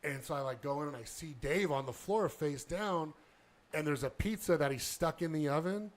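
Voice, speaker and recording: On a podcast, a man casually tells a long story, acting out the dialogue and swearing heavily as an animated storyteller. His voice sits on the high side and moves at normal speed.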